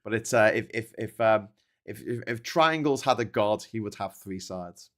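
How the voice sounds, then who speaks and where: A man's voice: on the low side, animated, moderate pace. A man hosting a livestream, chatting casually about politics and reading viewer comments, swearing often and restarting his sentences. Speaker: livestream host reading chat. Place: at home with a dog.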